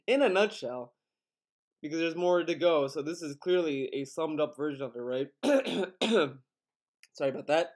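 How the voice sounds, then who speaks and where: Young male commentator, higher-pitched, scornful and profane, exasperated edge. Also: expressive, a little slow, long pauses. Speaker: commentary youtuber. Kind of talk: sarcastic commentary.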